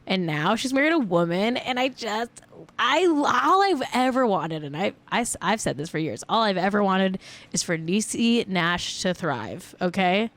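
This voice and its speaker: A woman's voice: mid-range voice, expressive, unhurried, fairly bright tone. Chatty young woman hosting a celeb gossip stream, giggles a lot, jokey. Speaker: host of a celebrity gossip show. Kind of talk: casual live-stream chat.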